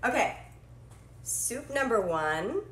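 A woman with a fairly high voice chats bubbly and unscripted as she cooks live for her viewers. Her voice rings in an echoey home kitchen, with faint clatter behind her. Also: sing-song, takes it slowly, fairly bright tone, slight background noise. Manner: chatty, self-deprecating, bubbly. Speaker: cooking show host. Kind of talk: live cooking stream chat.

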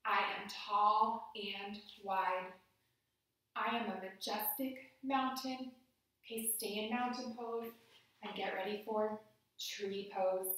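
A woman guiding children through a yoga lesson with gentle, playful cues. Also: medium pitch, steady tone, takes it slowly. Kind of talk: guided kids' yoga lesson. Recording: echoey room, somewhat far from mic.

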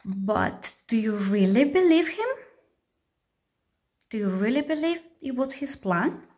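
Woman, children's storybook reading, high voice, unhurried. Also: expressive. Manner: gentle storytelling with questions to children. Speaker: children's book reader. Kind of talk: reading aloud a picture book to children.

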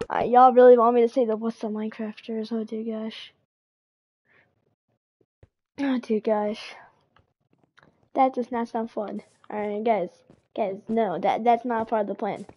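A woman's voice: on the high side, a little mellow. A woman streaming a game live, chatting casually with her viewers and repeating phrases, with a slight cold. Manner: chatty, repeats herself, greets chat.

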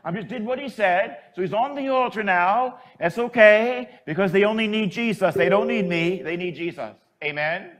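A man preaching as a priest, emotional, moving from hushed, soft lines to shouted passages. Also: sits high, moderate pace, hardly any pauses. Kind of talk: sermon.

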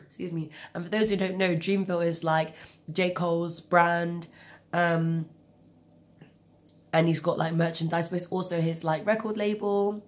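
A woman's voice: fairly low pitch, fairly even intonation, measured pace, long pauses. Chatty woman with a cold. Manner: chatty, rambling with asides. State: has a cold, coughing. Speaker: vlogger. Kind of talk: casual storytelling.

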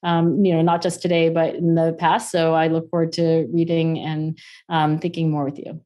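A middle-aged woman with a low-pitched voice speaks at normal speed as an interview guest. Her conversation is casual and animated, and she laughs easily while acting out quoted voices.

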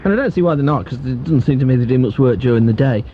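A man's voice: medium pitch, very fast, slight background noise. A man hosting a late-night radio phone-in, chatting and joking casually with callers. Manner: chatty, jokey, animated. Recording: dull lo-fi radio broadcast recording.

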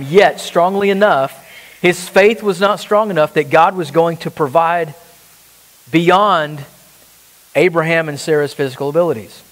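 Guy preaching a sermon, kinda high voice, lots of rhetorical questions, echoey church. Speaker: pastor.

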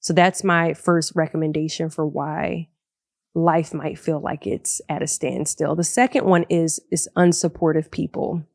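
Lively, chatty young woman podcast host. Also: low-pitched, measured pace, vocal fry, no room sound, studio quality. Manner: chatty and animated, laughs often. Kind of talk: solo podcast talk. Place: living room of a large loft apartment. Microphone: podcast microphone.

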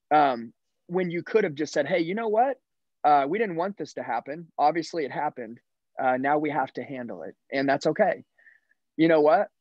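A man coaching salespeople in an emphatic, punchy way, pressing each point home with a quick "okay?". His voice sits fairly high. The sound is dry and a little dull. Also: darkish tone, no echo. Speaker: sales trainer. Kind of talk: motivational sales talk.

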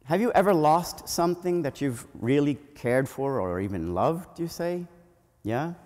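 Priest with a fairly high voice in a church. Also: male voice, unhurried. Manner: animated storytelling, asks children questions. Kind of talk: children's homily at a family Mass. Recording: long church reverb.

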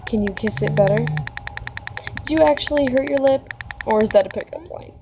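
Woman, reaction video, reading messages aloud, expressive, dramatic outbursts, slightly high voice. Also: moderate pace, background noise.

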